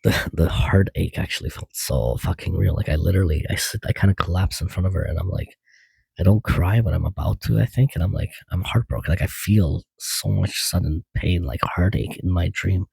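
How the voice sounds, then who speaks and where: A deep, gravelly man rambles through a dream he had, stacking up "like" and restarting his sentences as he goes. His voice is husky and mellow, recorded close and dry. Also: fairly quick, no echo, rough recording. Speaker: dream journal vlogger. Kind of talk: casual dream retelling.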